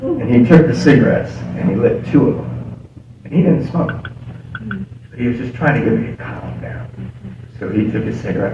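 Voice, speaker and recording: A man's voice: on the low side, vocal fry, lo-fi sound. A middle-aged man speaking at a recovery meeting, telling his story in a confiding way and laughing often. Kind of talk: recovery story told from a podium. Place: meeting hall. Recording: echoey hall, distant mic, background noise.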